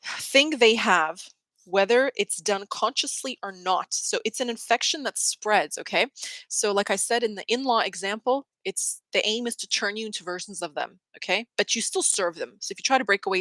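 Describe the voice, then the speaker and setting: A young adult woman hosting a casual spiritual talk, opinionated and quick to quote people in mocking voices. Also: mid-range voice, fairly bright tone, no room sound, low-quality recording. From Canada. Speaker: host.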